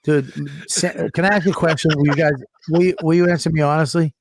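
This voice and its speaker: A man's voice: on the high side, fairly even intonation, fast talker, noisy background. A man co-hosting a casual comedy podcast, loose and profane, with laughing asides. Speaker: podcast co-host.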